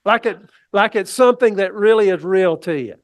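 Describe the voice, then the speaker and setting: A man's voice: high-pitched, normal speed, dry recording. A man preaching a sermon as pastor, in a folksy, rambling way with many restarts.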